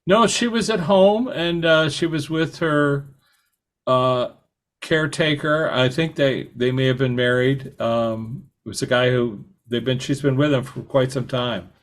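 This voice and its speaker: A man hosting a podcast interview, talking in a halting way with many fillers and restarts. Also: medium pitch. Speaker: podcast host. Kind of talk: conversational interview.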